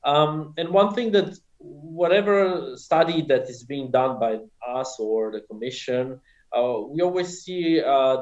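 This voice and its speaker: A man talks through a panel answer at a measured pace, stopping often on fillers as he builds each point. His voice sits in the middle range and sounds roomy. The audio is dull and muffled. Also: medium pitch, a little mellow. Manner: measured, many filler pauses. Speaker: panel guest from a regional policy body.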